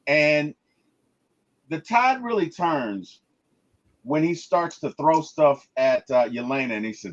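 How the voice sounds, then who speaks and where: A man gives a casual movie review in an emphatic way, often stammering and restarting as he retells what happens on screen. His voice sits a little high for a man. The recording is dull and lo-fi. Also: expressive, slow pace, long pauses.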